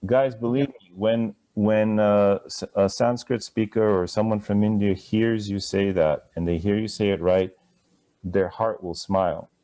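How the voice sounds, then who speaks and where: A man teaching Sanskrit pronunciation to a live class, talking conversationally, stretching words out slowly to model them, with playful chuckling asides. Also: on the low side, steady tone, mellow.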